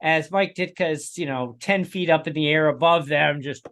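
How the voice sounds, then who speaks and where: On a casual racing podcast, the co-host has a slightly high, somewhat bright voice and a moderate pace. He spins long, wandering stories punctuated by frequent chuckles.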